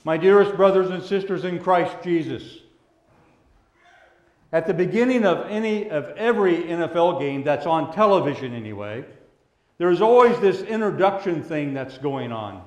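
A man preaching a sermon as pastor. He speaks in a measured way and draws out the words he wants to stress. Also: a little high, animated. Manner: measured, with drawn-out emphasis on key words. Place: church sanctuary. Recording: echoey church room.

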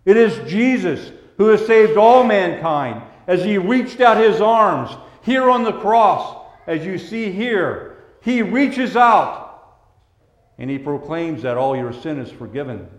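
A male pastor delivering a sermon with a fairly high voice and a slow, unhurried pace. He moves between soft, hushed reassurance and raised, emphatic declarations. The sound carries the echo of a roomy space. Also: expressive.

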